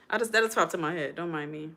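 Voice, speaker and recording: Woman, live stream host, casual chat, addresses viewers as y'all, lowish pitch. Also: gravelly, sharp tone. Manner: chatty, talks to viewers as y'all.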